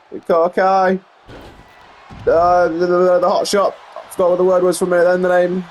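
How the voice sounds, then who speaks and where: A man giving play-by-play commentary over a wrestling video game, getting excited on big moves and rambling into asides full of fillers. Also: fairly high pitch, slight background noise. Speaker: gameplay commentator.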